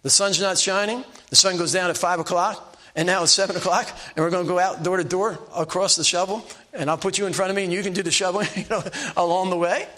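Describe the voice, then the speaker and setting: A man's voice: sits high, fairly even intonation, fast talker, bright, forceful tone. An older man preaching a sermon from the pulpit in a folksy, self-deprecating way, repeating his exhortations. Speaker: pastor.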